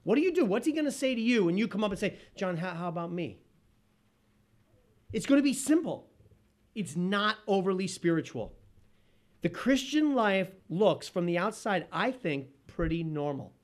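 A man preaching a sermon as pastor, animated, swinging between loud emphasis and hushed tones. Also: high-pitched, moderate pace.

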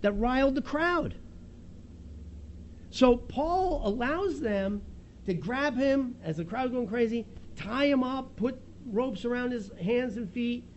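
A man preaching a sermon, retelling a story in a lively, chuckling way as if he can see it happen. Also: very high voice, muffled recording, slight background noise. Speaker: pastor.

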